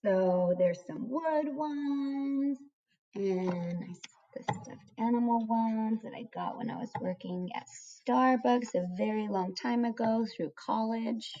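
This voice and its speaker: A woman's voice: fairly high pitch, slow pace, warm tone, distant mic, slight background noise. A young woman teaching a kindergarten writing lesson, sounding words out syllable by syllable. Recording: dull lo-fi recording.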